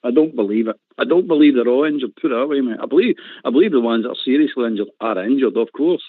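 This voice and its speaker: A man's voice: medium pitch, lively intonation, fast, no echo. A Scottish man calling in to a football phone-in, ranting passionately and laughing often. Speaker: caller. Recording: tinny phone line, dry.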